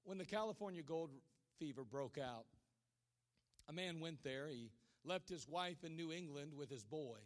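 A preacher with a high-pitched male voice delivers a sermon as a dramatic story. He drops to a hush for the key lines and then climbs back up to near-shouting. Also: lively intonation, moderate pace.

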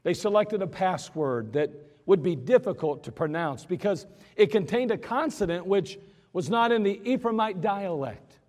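Male pastor, high and lively delivery, dramatic storyteller, church echo. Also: moderate pace. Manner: dramatic, acts out scenes with voices. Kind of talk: sermon. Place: church sanctuary. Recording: long church reverb.

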